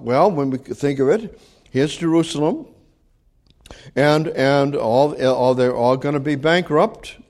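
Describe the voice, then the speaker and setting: A man giving a verse-by-verse Bible lesson, reading scripture slowly and then explaining it in plain, conversational words, often repeating his phrases. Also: on the high side, a little mellow. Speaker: Bible teacher.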